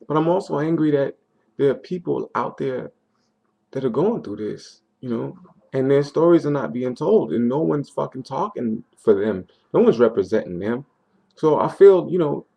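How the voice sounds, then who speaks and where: A man's voice: medium pitch, gravelly, warm tone. A young man ranting in a video diary, frustrated, swearing and repeating himself. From United States. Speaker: vlogger. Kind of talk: angry video diary rant. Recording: dull lo-fi webcam audio.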